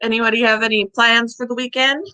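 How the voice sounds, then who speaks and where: A middle-aged woman hosting a casual pet live stream, chatty and out of breath, calling to her pets in a high voice. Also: little pitch movement, quick pace, sharp tone, clear, resonant tone, poor audio. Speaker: pet channel host.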